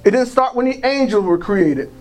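A man's voice: high voice, lively intonation, normal speed, recorded from a distance. A man preaching a sermon in a church, peppering his points with "praise God" as the congregation answers amen. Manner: punctuates lines with "praise God", drawing call-and-response. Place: church sanctuary. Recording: roomy, from the mic.

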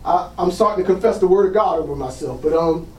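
A man's voice: high voice, quick pace, darkish tone. A preacher man delivering a sermon, heard from some distance off the mic in a roomy church. He keeps dropping "praise God" between thoughts and draws amens back from the room. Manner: punctuates lines with "praise God", drawing call-and-response. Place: church sanctuary. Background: congregation answering amen.

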